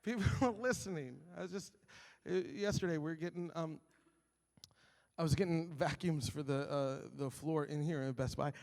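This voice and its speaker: A man's voice: on the high side, normal speed, darkish tone, in a large hall. A male pastor preaching a sermon, telling stories animatedly and acting out his own grumbling.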